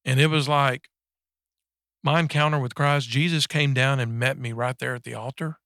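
A man in his forties giving a personal faith testimony in casual conversation, halting and earnest, with many restarts and fillers. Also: mid-range voice, steady tone, fairly bright tone, no echo, studio quality. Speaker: guest sharing a faith story.

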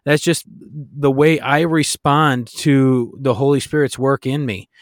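A man's voice: mid-range voice, steady tone, unhurried, no echo, clean studio sound. A man co-hosting a faith-based podcast, talking in an earnest, exhorting way with frequent restarts. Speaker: podcast co-host.

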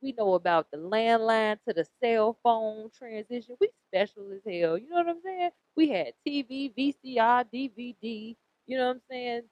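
A woman in her late thirties hosting a podcast, giving a casual tarot reading in a blunt, profane and animated way, often repeating herself. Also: on the high side, moderate pace, few pauses, dry recording. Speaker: podcast host. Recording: dull lo-fi recording.

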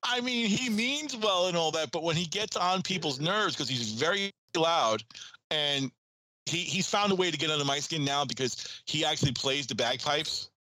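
A man, an archery coach guesting on a podcast, telling stories in animated casual chat and laughing often. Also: a little high, moderate pace, no room sound, rough recording.

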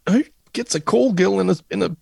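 A man's voice: high voice, brisk, creaky, darkish tone, husky, dry recording. A man co-hosting a casual podcast chat with dry, short interjections. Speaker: podcast co-host.

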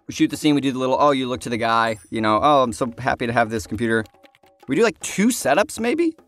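A man's voice: mid-range voice, lively intonation, quick pace, fairly bright tone, soft background music. A young man casually telling a story about a film shoot, acting out other people's lines.

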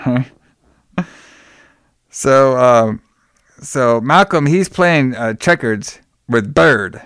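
Man, podcast host, casual film recap, rambling, swears a lot, smooth clear voice, dry close sound. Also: medium pitch, expressive, very slow, a bit bright, no room sound. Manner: rambling, profane, laughs often, acts out the characters' lines.

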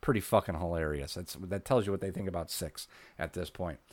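A man's voice: sits low, a little fast, dry recording. A man co-hosting a podcast, casually recapping old wrestling shows, laid-back and swearing, laughing often. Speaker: podcast co-host.

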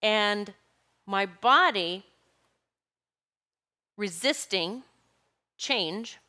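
A woman with a bright, forward voice talks through spiritual ideas in a loose, casual way. She rambles and hunts for the right words as she goes, with laughs between her thoughts. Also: mid-range voice, expressive, very slow. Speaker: spiritual speaker.

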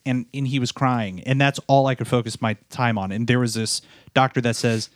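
Tired new dad on a podcast, mid-pitched, halting and repetitive, dry close sound. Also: male voice, fairly even intonation, dry recording. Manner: halting, repeats words and restarts often. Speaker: podcast co-host, new father. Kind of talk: emotional personal storytelling.

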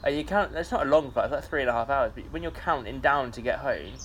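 A man's voice: mid-range voice, animated, fast talker, fairly bright tone, slight background noise. A man co-hosting a podcast, chatting casually and rambling through stories. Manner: chatty, rambling, laughs often. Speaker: podcast co-host. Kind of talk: casual chat.

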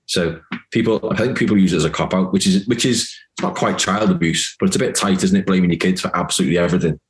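Man, deep voice, podcast guest, blunt, emphatic, swears. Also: fast talker. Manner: blunt, emphatic, swears, acts out others' thoughts. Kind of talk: casual podcast conversation.

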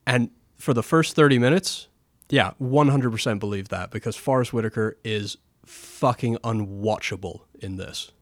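A man co-hosting a casual film discussion, blunt and animated, swearing often. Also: mid-range voice, normal speed, no echo, clean studio sound. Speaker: podcast co-host.

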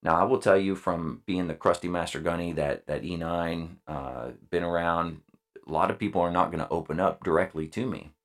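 Middle-aged man, very low voice, earnest senior leader speaking plainly with fillers. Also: moderate pace. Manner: earnest, repeats key phrases, frequent fillers. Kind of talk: leadership talk.

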